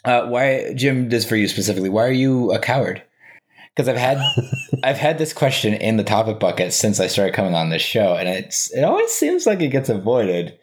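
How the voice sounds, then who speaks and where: A man's voice: on the low side, very animated, normal speed. A man chatting as a guest on a podcast, playful and teasing, inventing fake facts with a straight face. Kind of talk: casual chat.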